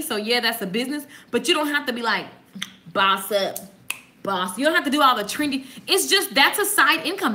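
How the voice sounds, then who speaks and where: Bright, lively woman with a sassy drawl. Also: fairly high pitch. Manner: sassy, animated, laughs often. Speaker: host. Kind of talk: casual chat.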